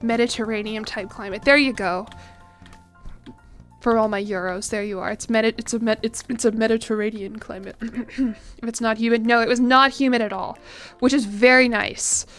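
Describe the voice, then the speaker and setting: A woman's voice: on the high side, steady tone, normal speed, a bit bright, soft background music. A young American woman chatting casually on a game stream, reading chat aloud with a chatty, self-deprecating manner. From United States. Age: young adult. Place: home room.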